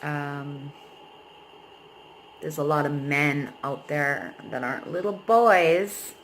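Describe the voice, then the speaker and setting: A woman's voice: sits low, slow, a little hiss or hum, poor audio. A young adult woman vlogging, venting at length about a painful breakup in a rambling, emotional way and swearing freely. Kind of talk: personal venting vlog.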